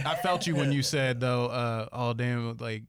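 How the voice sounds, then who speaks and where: A man, a stand-up comedian, talking bluntly and profanely in casual chat, often trailing off quietly. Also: mid-range voice, unhurried.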